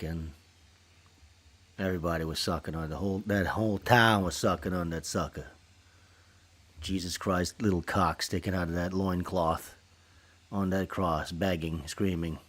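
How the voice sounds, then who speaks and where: Low-voiced man rambling on a livestream. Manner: crude, rambling, joking, with sudden loud bursts. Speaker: livestream host. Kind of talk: casual livestream chat. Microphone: small studio microphone.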